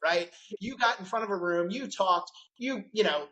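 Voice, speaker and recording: A man hosting a podcast interview, telling a story with animated, acted-out quotes. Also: high-pitched, moderate pace, poor audio. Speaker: podcast host. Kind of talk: casual interview chat.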